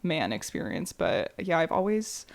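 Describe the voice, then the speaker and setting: A woman co-hosting a podcast, telling a personal story in a rambling way, full of likes and ums and quick laughs. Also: sits low, big pitch swings, vocal fry. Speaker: podcast co-host. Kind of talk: casual storytelling chat.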